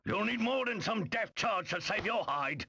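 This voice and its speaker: A man's voice: sits high, animated, normal speed, sharp tone, husky, dry recording, heavily acted. An actor playing a blustering, pompous male police inspector who scoffs indignantly in a game cutscene.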